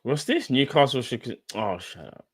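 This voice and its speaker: A man's voice: mid-range voice, very animated, moderate pace, breathy edge, dry recording, clean studio sound. A man hosting a live fan stream, talking casually and in slang straight to his chat. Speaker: fan channel host.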